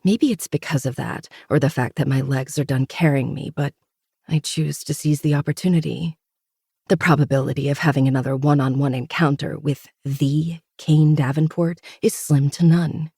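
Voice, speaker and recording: Brief: host narrating a novel, mellow dark tone, steady intimate delivery. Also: mid-range voice, moderate pace, breathy edge, no echo, clean studio sound. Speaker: podcast host reading a novel. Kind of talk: first-person audiobook narration.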